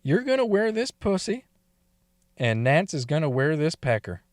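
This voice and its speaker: A man's voice: on the high side, sing-song, normal speed, no echo, studio quality. A man doing a blunt, bossy young woman. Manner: blunt, matter-of-fact.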